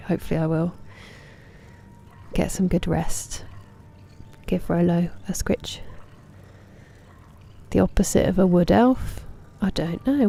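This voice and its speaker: A woman in her thirties, a game streamer, chatting casually while she plays, answering chat and muttering softly to herself. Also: fairly low pitch. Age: 30s.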